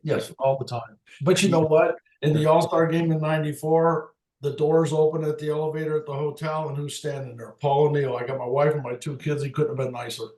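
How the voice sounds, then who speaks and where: An older man, a retired umpire, telling lively baseball stories in a casual interview and laughing often. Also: a little high, a little fast, few pauses. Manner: animated anecdotes, laughs often. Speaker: retired MLB umpire, guest. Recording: echoey room.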